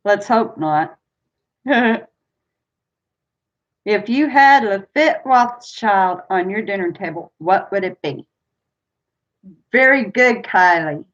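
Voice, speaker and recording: A woman's voice: medium pitch, animated, slow pace, long pauses. A woman hosting a casual live-stream trivia game, chatty and laughing often as she reads out questions and chats with viewers. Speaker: livestream trivia host. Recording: dull lo-fi stream audio.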